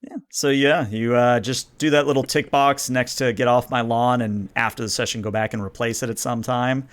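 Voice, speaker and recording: A man running a tabletop game as game master, explaining rules and narrating in a relaxed, chatty way. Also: medium pitch, moderate pace.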